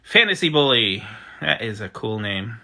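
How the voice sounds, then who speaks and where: A man's voice: fairly low pitch, big pitch swings, normal speed, sharp tone. A man from the United States hosting a casual livestream, chatting loosely and reading out viewer comments and usernames as they arrive. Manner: chatty, reads out usernames and reacts. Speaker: livestream host.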